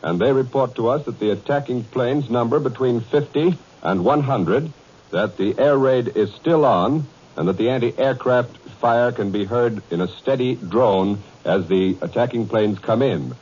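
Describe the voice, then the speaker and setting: A man announcing war news bulletins in a formal, measured way on 1940s radio. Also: mid-range voice, a little mellow, husky. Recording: muffled 1940s radio broadcast.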